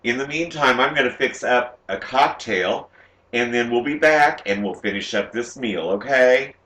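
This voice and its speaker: A man's voice: medium pitch, moderate pace, bright, forceful tone, roomy sound, natural voice. A man playing a sassy, campy woman home cook who hosts a comic cooking show from a home kitchen and teases the audience as she goes. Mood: chatty. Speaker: cooking show host character.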